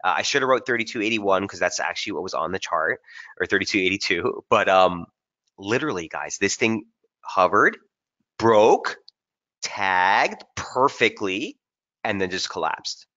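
A technical strategist hosts a live trading webinar, walking viewers through market charts at a normal speed in a casual, energetic manner that speaks straight to his audience. His voice is slightly low, with a bright, forceful tone, and the audio is dull and lo-fi, like typical webinar sound.

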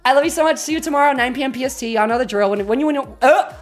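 A woman livestreamer rambling energetically through a casual sign-off, her voice a little croaky. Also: high-pitched, racing, faint music behind. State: slightly croaky. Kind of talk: casual stream sign-off chat.

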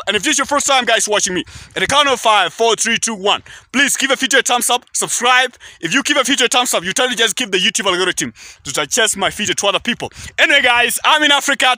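A man's voice: sits high, sharp tone, dry recording. A man from Kenya with a Kenyan accent, English not his first language, chatting to camera outdoors in a rambling way with many fillers and restarts. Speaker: YouTube vlogger. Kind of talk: casual chat to camera. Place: outdoors near a highway.

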